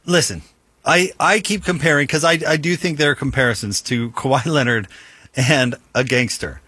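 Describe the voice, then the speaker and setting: A man's voice: mid-range voice, moderate pace, pushed and bright, husky, no echo. A man co-hosting a sports radio show, bantering casually on air in a wry, rambling way full of fillers and restarts. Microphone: studio microphone.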